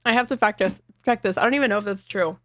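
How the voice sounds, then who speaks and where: A woman's voice: mid-range voice, rapid-fire, a bit bright, no echo, clean studio sound. A woman streamer giving sarcastic, indignant live commentary on a podcast clip, swearing freely.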